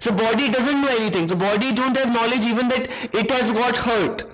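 A woman's voice: on the high side, a little fast. Woman, class teacher, frequent quiz questions, dull lo-fi call audio. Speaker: religious teacher. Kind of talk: online class for children.

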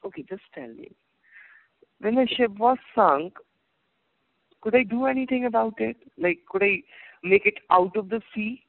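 A man voicing a composed rich shipowner who reasons calmly with his employee, heard over a tinny phone-like line. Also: high-pitched, moderate pace, gravelly, pauses often, voice pushed up. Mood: reasoning.

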